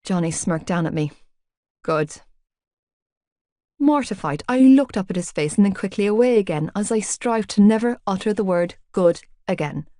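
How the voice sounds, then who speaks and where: A woman's voice: mid-range voice, animated, a little fast, few pauses, mellow, no room sound, studio quality. A woman narrating a romance novel in the first person, in an intimate, confiding way. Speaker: audiobook narrator.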